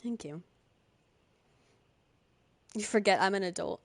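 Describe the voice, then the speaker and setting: A woman's voice: medium pitch, takes it slowly, vocal fry, dry recording. A young woman streamer chatting casually with her live chat, often laughing. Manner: chatty, giggly, talks to chat.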